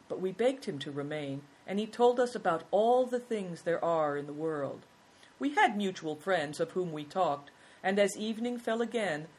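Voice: mid-range voice, slightly rough. A reader voicing a flowery, hospitable old nomad man. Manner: formal, flowery speech. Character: older male nomad host, hospitable and poetic. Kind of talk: storybook reading.

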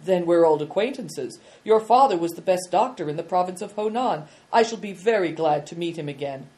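A woman voicing a kindly general who speaks in a calm, quiet tone of command in an audiobook reading. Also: fairly low pitch, a little fast, lightly acted.

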